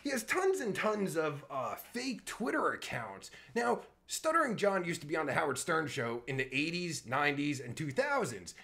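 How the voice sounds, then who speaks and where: Foul-mouthed man ranting with wild pitch swings. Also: big pitch swings, normal speed, gravelly, few pauses, pushed and bright. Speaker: live streamer. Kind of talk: profane comedic rant. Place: at home, streaming live. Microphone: phone.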